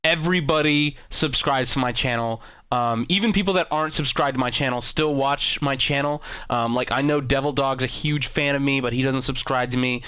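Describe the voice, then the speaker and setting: Male gaming host, deadpan sarcastic commentary, smooth voice, dry close mic. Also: medium pitch, a little fast, hardly any pauses, no echo. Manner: deadpan mock-arrogant boasting.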